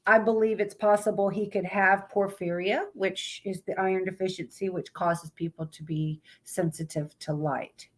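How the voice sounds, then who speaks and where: A woman's voice: medium pitch, fairly even intonation, moderate pace, hardly any pauses. A woman hosting a casual live stream, greeting viewers by name and reading out topics aloud with stumbles and blunt asides.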